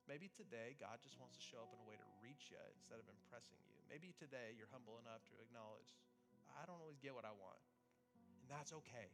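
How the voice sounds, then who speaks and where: A man preaching a sermon in a church, telling a funny family story in a lively, self-deprecating way. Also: mid-range voice. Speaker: pastor. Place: church sanctuary.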